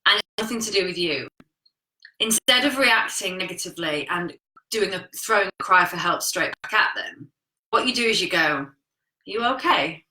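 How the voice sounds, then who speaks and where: A woman's voice: on the low side, lively intonation, normal speed, sharp tone, echoey room, poor audio. A woman coaching viewers on relationships and communication in a frank, chatty live talk, swearing casually. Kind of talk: live-streamed talk reading viewer comments.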